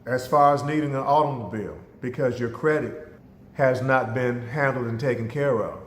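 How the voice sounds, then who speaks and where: A man's voice: medium pitch, moderate pace. A man giving a motivational talk, speaking emphatically and addressing listeners directly, with stories woven in. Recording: echoey hall reverb.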